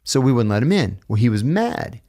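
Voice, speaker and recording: A man, a guest author, telling stories in casual chat, animated and blunt, with the odd curse. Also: medium pitch, brisk. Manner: animated, blunt, profane storyteller. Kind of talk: casual storytelling in a podcast chat.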